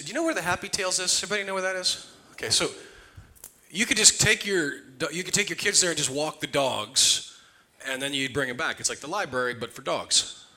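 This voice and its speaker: A man preaching, telling a funny family story in a loose, conversational way. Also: high-pitched. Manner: conversational, jokey, animated. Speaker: pastor. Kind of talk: humorous sermon storytelling. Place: church sanctuary.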